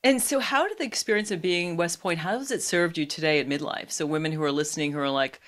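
A woman's voice: low-pitched, quick pace, a bit bright. A woman in her fifties hosting an interview, asking questions and offering encouraging reflections. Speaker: podcast host.

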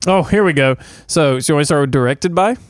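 A man's voice: fairly high pitch, fast, no room sound. An American man co-hosting a podcast, goofy and giggly, apologizing playfully as he stumbles through a list. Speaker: podcast co-host. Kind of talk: casual chat.

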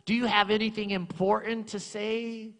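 A man voicing a male devil who whispers taunting doubts in a low, sneering tone, in a reverberant hall. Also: flat delivery, moderate pace, a bit bright.

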